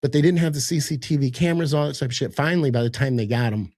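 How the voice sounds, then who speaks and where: Calling in from a home office high up in a tower, an older guest races through a story in a mid-range, slightly mellow voice, dry and close with no room sound. His podcast chat is easygoing and profane. He performs other people's dialogue and laughs through the tense stretches.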